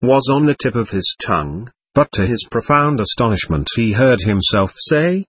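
A man reads a classic novel aloud in a measured storytelling way. His husky voice moves through a lively range of pitch. The recording is dry and close. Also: no room sound. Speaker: audiobook narrator. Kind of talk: scripted narration of a classic novel.

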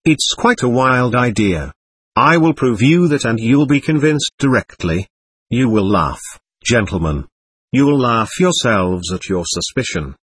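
Guy reading a jittery tipsy man being questioned, pleading and repeating himself, husky voice. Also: medium pitch, big pitch swings, measured pace, no room sound. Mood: insistent. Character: excitable, effusive man under interrogation, slightly drunk. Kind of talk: audiobook reading.

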